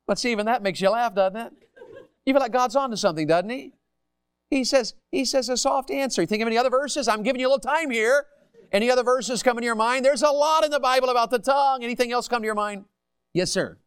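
A middle-aged man leads an interactive sermon in a church hall. His voice sits high and swings widely from line to line. He teases and calls on his listeners in a folksy way, and the sound is close and dry. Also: expressive, fast, smooth. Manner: calls on the audience, folksy and teasing. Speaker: preacher.

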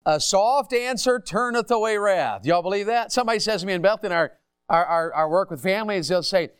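A man's voice: sits high, a little fast, clean tone, dry recording, clean studio sound. A middle-aged man preaching a sermon, calling on the audience with a folksy, teasing manner. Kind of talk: interactive sermon. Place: church hall.

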